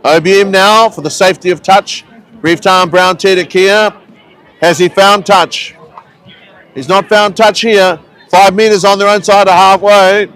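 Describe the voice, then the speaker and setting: High-voiced New rugby commentator. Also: male voice, fairly even intonation, a little slow, a bit bright, some chatter behind, low-quality recording. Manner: easygoing, chatty play-by-play with local asides. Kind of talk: live sports commentary. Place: outdoors at a rugby ground.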